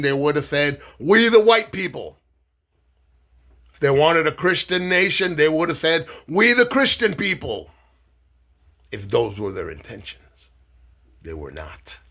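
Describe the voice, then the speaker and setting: A man giving an impassioned speech, emphatic, with dramatic pauses, acting out the words of others. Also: a little high, fairly bright tone.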